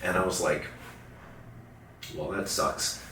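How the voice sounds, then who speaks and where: Low-voiced man rambling in an echoey room. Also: steady tone, slow, bright, forceful tone, distant mic, a little hiss or hum. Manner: rambling, heavy use of "like", swears casually. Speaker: interview guest, drummer. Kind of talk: casual storytelling in an interview.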